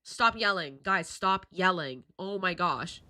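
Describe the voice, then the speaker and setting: A woman's voice: lowish voice, a little slow. A young woman streaming a game live, gushing over characters, reading lines aloud and joking. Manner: gushing, excitable, reads dialogue aloud and jokes.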